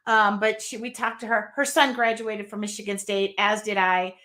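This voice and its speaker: A woman's voice: medium pitch, flat delivery, normal speed, bright, forceful tone. A woman in her fifties hosting a casual chat, telling a rambling, heartfelt story. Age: 50s. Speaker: host.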